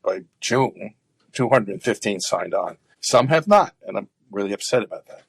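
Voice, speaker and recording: A low, gravelly man's voice. He talks earnestly in an interview, pausing on fillers and restarting his sentences. The sound is dry and close. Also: animated, no room sound. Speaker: guest activist. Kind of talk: conversational interview.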